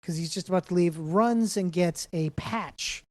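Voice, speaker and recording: A man's voice: high voice, measured pace, no room sound, studio quality. A man on a podcast panel retelling a scene animatedly in casual chat, acting out quotes. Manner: animated storyteller, acts out quotes.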